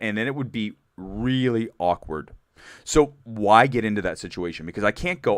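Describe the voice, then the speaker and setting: A man hosting a live movie talk show, chatting candidly to viewers with animated, rambling asides. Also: on the low side, moderate pace, no echo, clean studio sound. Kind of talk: live-stream chat reading viewer comments.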